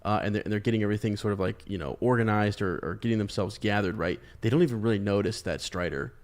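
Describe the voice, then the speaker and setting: Male podcast co-host, lowish voice, relaxed, halting, chuckles a lot. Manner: easygoing, laughs often, repeats words while thinking. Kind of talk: casual book discussion chat.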